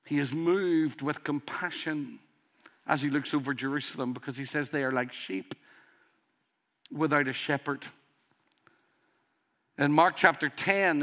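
Here a preacher's voice runs a little high with a fairly bright tone. His strong accent, which he refers to as a dialect, colors an earnest, emphatic sermon full of rhetorical questions aimed at his listeners.

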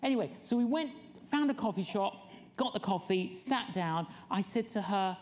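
A woman's voice: mid-range voice, normal speed, slight background noise. A middle-aged woman, preaching a sermon and telling stories, acting out the people she quotes. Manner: animated storyteller, acts out quoted people with laughs. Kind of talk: sermon storytelling.

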